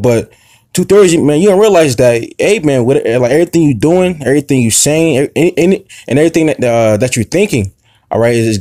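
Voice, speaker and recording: Halting, confrontational male street preacher. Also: mid-range voice, dark tone, no room sound, clean studio sound. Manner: halting, many fillers and restarts; confrontational, profane. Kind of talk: informal sermon.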